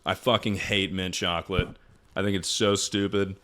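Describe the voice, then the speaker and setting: A man's voice: low-pitched, level tone, normal speed, fairly bright tone. A man in his twenties streaming, ranting casually and profanely as he ranks things. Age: 20s. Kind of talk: casual livestream commentary.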